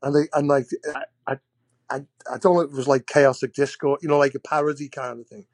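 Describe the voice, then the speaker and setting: A man's voice: mid-range voice, quick pace, no room sound. Rambling man telling stories. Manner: rambling, animated anecdotes with many restarts. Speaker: podcast guest, wrestler. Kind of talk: casual storytelling.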